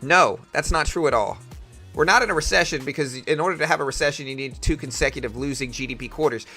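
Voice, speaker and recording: Young guy live-streaming trades, bright voice, rambly opinions, faint music behind. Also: a little high, fast talker. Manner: chatty, opinionated, reads out chat messages. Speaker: live day-trading streamer. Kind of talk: casual live-stream commentary.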